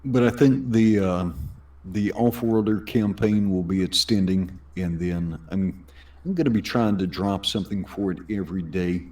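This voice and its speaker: A man's voice: low voice, normal speed, mellow, distant mic. A man co-hosting a casual stream, enthusiastic and promotional, often restarting his sentences. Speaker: stream co-host reading chat.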